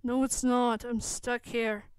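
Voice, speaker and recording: Woman reading a soft-spoken homesick young wizard. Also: a little high, level tone, takes it slowly, clean tone, no room sound. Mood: sad. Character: homesick young male wizard, gentle and apologetic.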